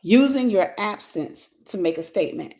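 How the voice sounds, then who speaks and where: A woman's voice: mid-range voice, animated, moderate pace, warm tone. A woman talks through a ministry lesson in a casual, conversational way. She often says a line twice to drive it home and fills gaps with easy fillers. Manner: repeats key phrases for emphasis. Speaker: ministry host and teacher. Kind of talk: informal spoken teaching.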